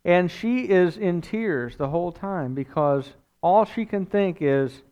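A male pastor with a fairly high, smooth and resonant voice delivers a sermon like a storyteller, chatty and lively, with off-the-cuff asides. The recording sounds a little muffled. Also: slow pace, few pauses. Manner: conversational, animated storytelling with asides.

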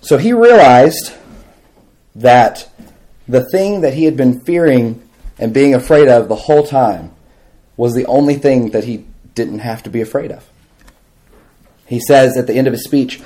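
A man giving a sermon to a live audience, telling stories with animated energy, laughing and asking the room questions. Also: medium pitch, measured pace, long pauses. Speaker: preacher.

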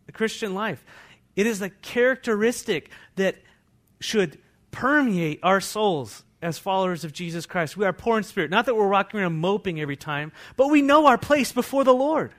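Pastor guy preaching in church, high voice, gets quiet then really loud and fervent. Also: lively intonation, normal speed. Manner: swings from hushed to loud and fervent. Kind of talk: sermon.

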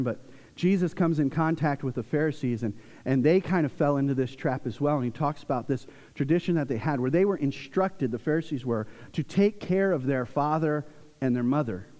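A pastor in his forties delivers a sermon in a relaxed, conversational manner, his voice sitting a little high. He keeps things lively with humorous asides and family anecdotes. A long church-hall reverb trails after his words. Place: church sanctuary.

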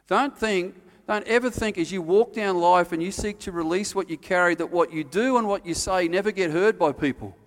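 A man preaching a sermon, telling a story and acting out the quotes, then dropping to quiet, earnest emphasis. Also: high voice, normal speed, few pauses, long reverb tail. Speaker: pastor.

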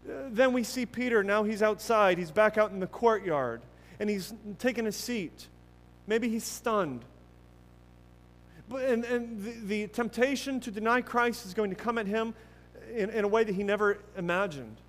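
High-voiced man preaching in a hall. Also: moderate pace. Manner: earnest, emphatic preaching with many restarts, swinging from loud to hushed. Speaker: pastor. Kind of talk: sermon.

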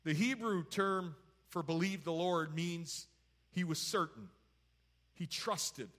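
A man's voice: on the high side, slow pace, a bit bright. A man teaching from the Bible in a folksy, conversational way, retelling scripture in everyday words.

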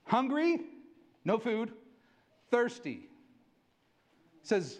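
An animated middle-aged man preaching a sermon in a fairly high voice. His pitch swings widely as he gets excited and acts out little exchanges. The delivery is casual and energetic. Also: measured pace, pauses often. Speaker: pastor.

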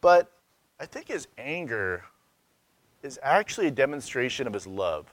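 A man's voice: medium pitch, sing-song, moderate pace, dry recording. Conversational pastor man, dry sound. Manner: conversational, searching, with rhetorical questions and sudden loud emphasis. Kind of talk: sermon.

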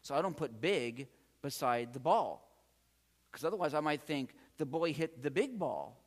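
Man, fairly high voice, patient encouraging classroom teacher, long reverb from the room. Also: animated, normal speed. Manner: patient, encouraging, repeats key words. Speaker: Greek teacher. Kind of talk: classroom lecture.

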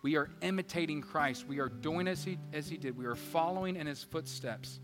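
A man preaching a sermon as pastor, energetic and joking, swinging between loud emphasis and quiet asides. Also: fairly high pitch, a little fast. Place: church sanctuary. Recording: church hall reverb with faint guitar.

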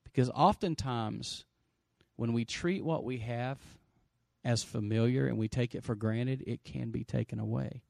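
A man preaching a sermon, calling for amens and swinging from loud exclamations to quiet asides. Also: medium pitch, measured pace, creaky, dry recording, clean studio sound. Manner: calls for audience response. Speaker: pastor.

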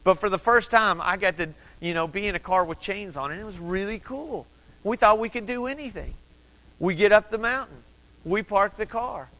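Bright-voiced man preaching in a reverberant hall. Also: high-pitched, moderate pace. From Texas. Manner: animated, building excitement, conversational asides. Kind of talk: storytelling sermon.

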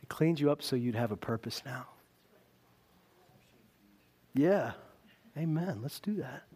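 A man preaching a sermon, swinging between loud emphasis and quiet intensity. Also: mid-range voice, animated, a little slow, husky.

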